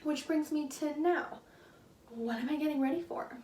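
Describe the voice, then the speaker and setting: A woman's voice: sits high, moderate pace, mellow. A young woman vlogging casually to camera from her home kitchen. She chats freely and often checks in with her viewers. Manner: chatty, often adds "okay?" to check in with viewers. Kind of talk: casual vlog chat to camera. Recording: echoey room, faint noise.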